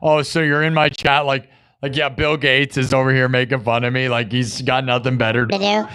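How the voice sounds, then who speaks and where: A man's voice: medium pitch, little pitch movement, brisk, fairly bright tone, smooth. A man hosting a live music stream, chatting casually with viewers, laughing often and acting out quotes.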